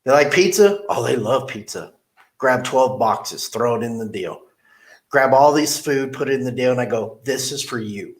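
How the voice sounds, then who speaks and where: A man's voice: medium pitch, moderate pace. A middle-aged man, a car dealership manager, telling a story in an interview and acting out the quotes in it. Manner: animated storyteller who acts out quotes.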